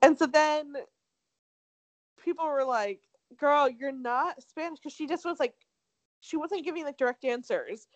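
Podcast co-host, young woman, gossipy and slangy, bright-ish voice, dead-dry recording. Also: high-pitched, lively intonation, normal speed, long pauses, dry recording. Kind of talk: casual chat.

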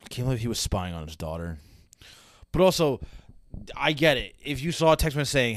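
A man's voice: medium pitch, sing-song, fairly quick, pauses often, dry recording, clean studio sound. Sarcastic young man, profane reactions. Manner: sarcastic, heavy swearing, rambling asides. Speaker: reaction video host. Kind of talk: casual reaction commentary.

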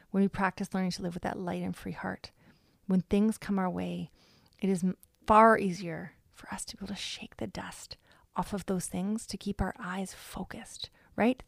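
A woman's voice: mid-range voice, creaky, a little mellow, dry recording, clean studio sound. A woman hosting a faith-based devotional podcast, talking in an earnest, conversational way with frequent ums. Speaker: podcast host.

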